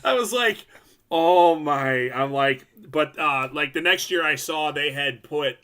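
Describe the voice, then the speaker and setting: A man, a hockey referee co-hosting a casual podcast, telling animated stories and acting out quotes. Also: on the high side, moderate pace. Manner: animated storyteller, acts out quotes. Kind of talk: casual chat.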